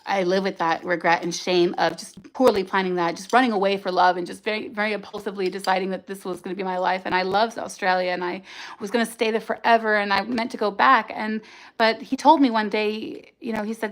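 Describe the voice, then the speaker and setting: A woman's voice: mid-range voice, steady tone, a little fast. A woman hosting a livestream, telling her own story in a candid, rambling and emotional way. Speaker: livestream host.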